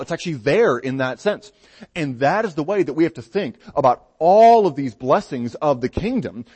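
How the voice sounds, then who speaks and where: A man preaching a sermon in a conversational, explaining way, often checking in with a quick "right?". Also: mid-range voice, a little mellow.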